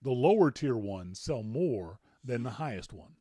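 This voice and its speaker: A man hosting a tech podcast in casual chat, animated and rambling, with jokes and repeated words. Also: medium pitch, measured pace, slightly rough, no room sound. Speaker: podcast host.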